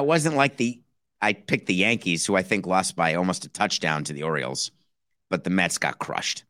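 A man's voice: fairly low pitch, a bit bright, clean tone, no echo, studio quality. A man hosting a solo sports podcast, talking animatedly and rhetorically, acting out imagined phone calls between executives. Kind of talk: casual solo sports commentary.

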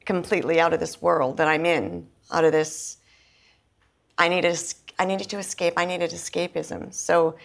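This middle-aged singer-songwriter has a low, creaky voice with a steady tone and normal speed. Being interviewed candidly and conversationally, she speaks earnestly at length, often filling pauses and restarting her sentences.

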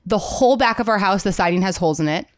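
A woman in her thirties with a Midwestern American accent, co-hosting a casual chat and telling animated stories with frequent laughs. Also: medium pitch, fast talker, no echo. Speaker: podcast co-host.

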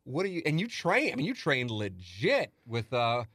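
A man's voice: mid-range voice, huge pitch swings, moderate pace, fairly bright tone, slightly rough, no room sound, studio quality. A man hosting a podcast who laughs easily and joins in with an eager, conversational manner. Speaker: podcast host. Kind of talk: casual chat.

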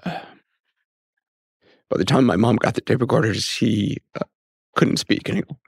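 A man's voice: fairly low pitch, normal speed, vocal fry, husky, dry recording, clean studio sound. A man speaking as a guest in a conversational interview, reflective and hesitant, with fillers and restarts.

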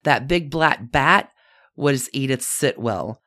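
A woman narrating a scripted story in a measured way, speaking directly to her subject as "you". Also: very deep voice, lively intonation, a bit bright. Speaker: podcast narrator.

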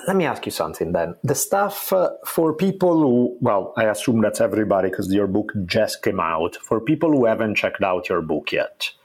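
A man's voice: on the low side, big pitch swings, normal speed, few pauses, husky. A man hosting a podcast, telling stories in a rambling, casual way with the occasional swear word and laugh. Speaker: podcast host. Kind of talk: casual conversational interview.

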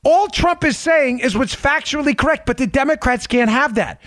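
A man's voice: very high voice, animated, moderate pace, fairly bright tone, no echo, studio quality. A man hosting a podcast, giving emphatic, sarcastic political commentary and repeating phrases for effect. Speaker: podcast host.

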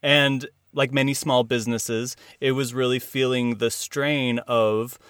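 A man hosting a casual interview, chatty and responsive, quickly affirming what his guest says. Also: medium pitch, fairly even intonation, a bit bright, clear, resonant tone, no echo, studio quality. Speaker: interviewer, host.

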